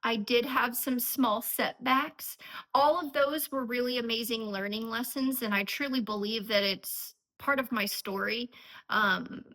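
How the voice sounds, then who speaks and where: Woman, vlogger, bright voice, slightly high, earnest, rambling, emotional. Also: fairly even intonation, a little slow, poor audio. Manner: frequent fillers and restarts. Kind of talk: unscripted personal vlog.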